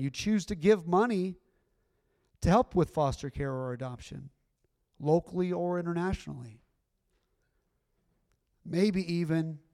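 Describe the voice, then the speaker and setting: A man's voice: a little high, a little mellow. A middle-aged man preaching a sermon in a conversational, earnest way, with bursts of emphasis. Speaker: pastor.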